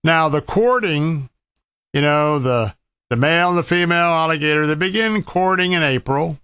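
A man's voice: fairly high pitch, moderate pace, bright, forceful tone, smooth, no echo. A man telling an outdoor story in a folksy, casual way and giving emphatic safety warnings with repeated words. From Florida.

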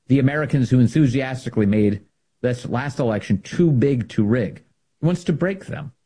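A political commentator delivers an opinionated monologue in a warm, husky, mid-range voice. He speaks emphatically and repeats key phrases for effect.

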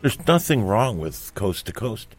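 A man's voice: lowish voice, sing-song, a little slow, soft background music. A man co-hosting a talk radio show, speaking matter-of-factly with dry jokes. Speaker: radio co-host. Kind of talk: casual radio banter.

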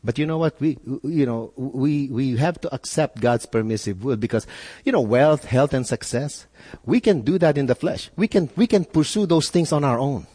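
A man's voice: medium pitch, animated, moderate pace, dark tone, slightly rough. A man preaching a sermon as pastor, earnest and full of rhetorical questions, often repeating words as he builds a point. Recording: long reverb in a hall.

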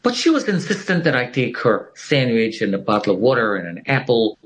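In a brisk, mid-range voice, a man on an interview tells a story from his own life, animatedly acting out the words of other people.

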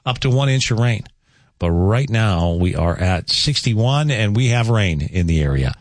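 A man's voice: lowish voice, unhurried, no room sound, clean studio sound. A man hosting a morning radio show, reading the weather and teasing callers in casual banter. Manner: joking, animated, teasing. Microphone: studio microphone.

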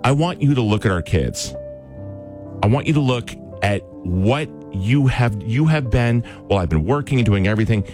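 Brief: low-pitched male radio host, earnest chatty storyteller, faint music. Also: animated, moderate pace. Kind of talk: casual chat, storytelling.

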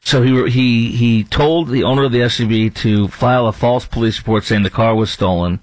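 A man's voice: mid-range voice, steady tone, moderate pace, no echo, low-quality recording. A man hosting talk radio, delivering an indignant, ranting monologue with lots of repetition and fillers.

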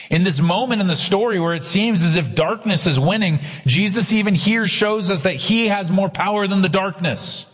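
A man preaching a sermon, earnest, slowing down hard to stress key lines. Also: on the high side, lively intonation, slightly rough, long reverb tail. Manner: earnest preaching with slow emphatic quotes. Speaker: pastor.

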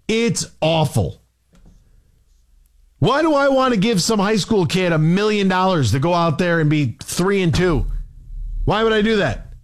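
Male talk radio host, exasperated rant, lively high voice. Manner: exasperated, rapid-fire rhetorical questions.

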